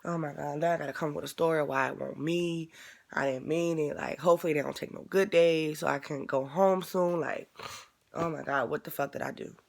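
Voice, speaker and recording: A woman with a low, gravelly voice recounts a painful memory for her vlog. She talks casually and candidly and swears freely. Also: steady tone, a little fast, darkish tone. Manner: casual, profane, candid retelling. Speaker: vlogger. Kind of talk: emotional personal storytelling.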